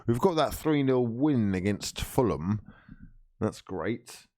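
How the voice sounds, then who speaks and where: Man, fan streamer, animated and swinging in pitch, swearing through a match watchalong. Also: slow pace. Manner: frustrated, swearing, bursts of shouting at players. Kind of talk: live match watchalong reaction.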